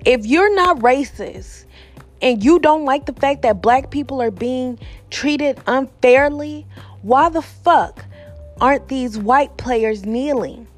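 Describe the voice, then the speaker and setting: Woman, young adult, casual rant, blunt, cussing, animated, slightly high pitch. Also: slow pace, faint music behind. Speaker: vlogger.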